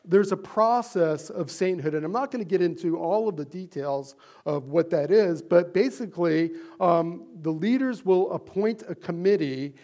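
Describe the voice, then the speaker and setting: High-voiced earnest male pastor. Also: moderate pace, hardly any pauses, a little mellow. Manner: earnest, conversational preaching with fillers and rhetorical questions. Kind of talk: sermon.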